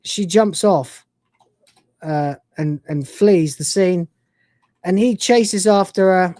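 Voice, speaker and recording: A man's voice: high voice, slow, dark tone, no echo, clean studio sound. A man hosting a live review stream, ranting and swearing in exasperation. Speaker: host.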